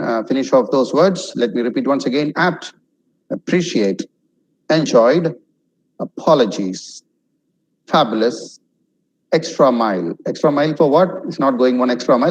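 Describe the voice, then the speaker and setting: A man teaching English pronunciation and vocabulary in an online lesson, drilling single words slowly for learners to repeat. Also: medium pitch, a little mellow, husky, low-quality recording.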